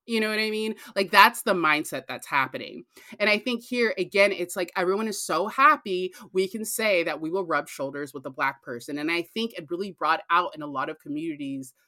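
A woman's voice: fairly low pitch, a little fast, pushed and bright, no room sound, studio quality. A woman co-hosting a podcast in casual discussion, earnest and emphatic, repeating phrases for weight. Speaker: podcast co-host.

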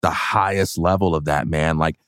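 A man's voice: very deep voice, steady tone, moderate pace, fairly bright tone, clean tone, no room sound, studio quality. A man co-hosting a casual podcast, talking in an earnest, reflective way and often calling his friend "man". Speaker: podcast co-host.

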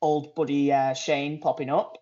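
Man, Manchester accent, fairly high voice, chatty podcast co-host, dull lo-fi call sound. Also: level tone, a little slow, darkish tone. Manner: chatty, laughing, trailing off. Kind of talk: casual chat. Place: outdoors in a garden.

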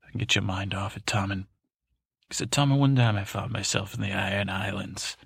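A man voicing a worldly old tomcat who spins a hushed, meandering bedtime tale. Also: fairly low pitch, a little fast, vocal fry, slightly rough, no echo, studio quality, heavily acted. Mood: hushed, soothing. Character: worldly old tomcat storyteller, soothing, salty. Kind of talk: bedtime story to help sleep.

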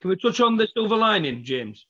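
A man's voice: high voice, sing-song, fairly quick, a bit bright. A man hosting a podcast as a fan, rambling and restarting his sentences. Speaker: podcast host, football fan. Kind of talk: casual podcast chat. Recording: dull lo-fi audio.

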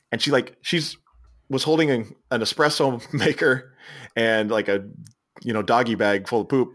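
His pitch is medium, his tempo normal, and his tone a bit bright. A co-host with a Philadelphia accent, he walks through a film's plot in a loose, meandering chat, often laughing and restarting.

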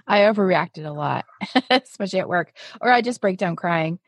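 A woman's voice: on the low side, expressive, normal speed, dry recording. A woman hosting a casual podcast chat, chatty and self-deprecating, laughing easily.

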